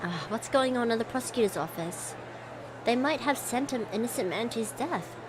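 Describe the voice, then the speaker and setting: A woman's voice: a little high, expressive, brisk. A young woman streaming a game from home, chatting expressively and reacting, with a scratchy throat from coughing. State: coughing, something stuck in her throat. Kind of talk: casual live-stream commentary. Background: background music.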